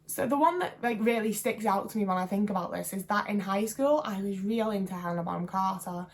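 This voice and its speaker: A woman's voice: mid-range voice, fairly quick. A woman in her twenties talking to camera in a casual vlog, chatty and rambling with lots of fillers and self-deprecating asides. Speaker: vlogger.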